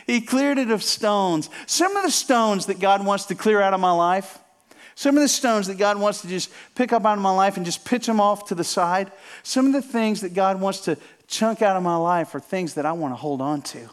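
A man delivers a sermon from a church platform. His voice sits high for a man, and he speaks earnestly. He restarts and repeats phrases as he builds toward a point. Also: animated, normal speed. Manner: earnest, repeats phrases, rising and falling intensity. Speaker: pastor. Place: church sanctuary.

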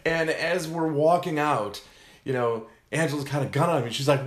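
A man's voice: on the high side, a little fast. A man casually telling a funny story on a podcast, laughing often and acting out what people said. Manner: animated, laughs often, acts out quotes. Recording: echoey room.

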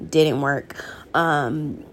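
A woman's voice: low voice, extremely slow, slight background noise. A young woman hosting a podcast, giving a blunt, profane, chatty motivational monologue straight to her listeners. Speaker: podcast host.

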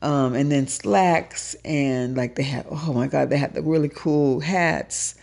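A woman, a dating coach, telling her own dating stories in a casual vlog, animated and profane, jumping up high when she quotes herself. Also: measured pace, creaky.

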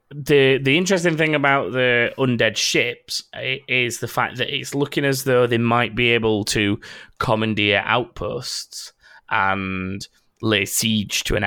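Bright-voiced man chatting gaming news. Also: on the low side, vocal fry, smooth, no room sound, clean studio sound. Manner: rambling, many ums and restarts. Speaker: podcast host. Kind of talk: casual gaming news chat.

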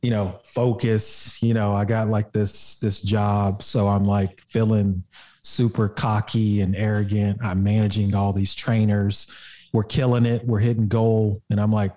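A man's voice: lowish voice, little pitch movement, unhurried, mellow. A young adult man, a podcast guest and fitness coach, telling a personal story in a casual way, with lots of fillers and some swearing.

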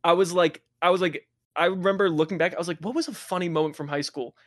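A young man casually telling a wild high school story, swearing often and laughing between lines. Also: quick pace, no room sound, studio quality. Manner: profane, laughing, animated anecdote telling.

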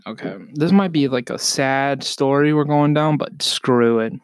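A podcast co-host with a mid-range male voice rambles through casual chat and reads posts aloud, swearing freely, joking, laughing at himself and burping between sentences. His intonation stays fairly even at a moderate, smooth pace with few pauses. The studio sound is clean, with no echo.

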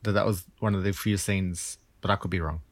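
Thoughtful low-voiced man on a call. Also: fairly even intonation. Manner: halting, thoughtful, restarts often. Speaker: podcast co-host. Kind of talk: casual chat.

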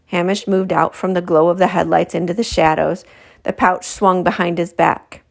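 A teacher reads a children's novel aloud to her class, putting expression into the story. Her voice is gravelly, and she goes back to fix her own misreadings. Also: fairly low pitch, moderate pace. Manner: expressive, self-correcting.

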